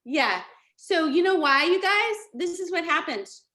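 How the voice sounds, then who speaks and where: A middle-aged woman leading a live coaching session over a video call, energetic and checking in with her listeners again and again. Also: very high-pitched, measured pace. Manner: energetic, checks in often with "okay?" and "right?". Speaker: life coach.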